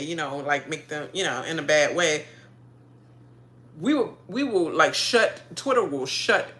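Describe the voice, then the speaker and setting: A woman with a bright, forceful voice rants about a reality show in casual, animated chat. She talks at a middle pitch. She laughs often and mocks the people she is talking about. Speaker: reality show reaction host. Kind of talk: casual ranting commentary.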